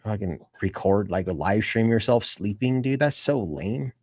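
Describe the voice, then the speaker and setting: Rambling, casual male streamer with a low voice. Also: animated, measured pace, darkish tone, breathy edge. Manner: rambling, swears, says "dude" often; talks straight to his viewers. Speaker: live streamer. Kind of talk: casual live-stream chat.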